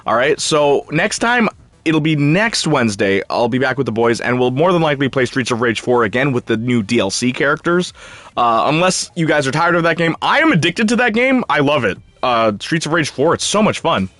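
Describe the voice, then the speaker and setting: Animated young male streamer chatting. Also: mid-range voice, a little fast, dry recording. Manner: chatty, jumpy, talks back to chat. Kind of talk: casual live stream chat, reading viewer comments.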